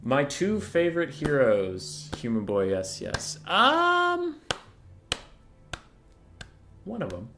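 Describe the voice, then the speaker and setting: A man's voice: on the high side, wildly swooping pitch, takes it slowly, long pauses, pushed and bright, slight background noise. A young man streaming a competitive strategy game, chatting casually about matchups and breaking into mock-furious rants. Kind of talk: casual live-stream commentary.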